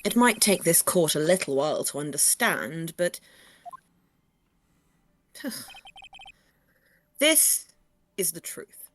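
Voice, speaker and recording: A woman voicing a cold, sharp male prosecutor from a game, reading his lines in a measured, cutting way. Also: on the low side, lively intonation, slight background noise, pitched below the performer's own voice. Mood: solemn.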